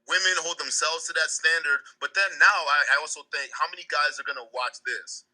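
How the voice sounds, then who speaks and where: A man's voice: fairly high pitch, a little fast, rough recording. A young man with a light Nigerian accent, talking in a casual podcast chat and telling stories with lots of restarts and fillers. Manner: animated storytelling with many restarts and fillers. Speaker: podcast co-host.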